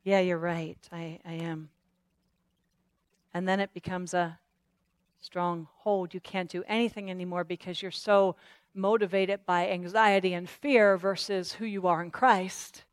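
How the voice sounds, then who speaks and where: A woman's voice: on the low side, steady tone, moderate pace, no echo. A woman preacher delivering an impassioned sermon, repeating phrases and restarting as she goes. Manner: impassioned, repetitive, stumbling restarts.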